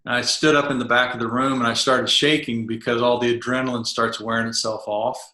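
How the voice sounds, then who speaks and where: A man's voice: medium pitch, little pitch movement, a little fast, bright, forceful tone, roomy sound. A middle-aged man, a former Navy SEAL chief, telling a vivid first-person story on a podcast and acting out the dialogue. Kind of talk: storytelling in an interview.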